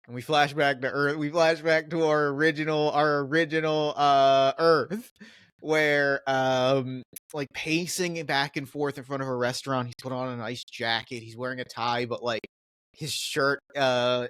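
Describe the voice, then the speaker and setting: A man's voice: medium pitch, a bit bright, clean tone, no room sound. Man rambling through an improvised story. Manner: loose, rambling narration with many fillers. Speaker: storytelling game player.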